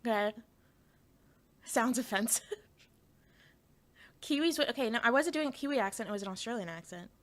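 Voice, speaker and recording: A woman's voice: a little high, expressive, quick pace, long pauses, a bit bright. A woman streamer in casual live chat, rambling and giggly with lots of fillers.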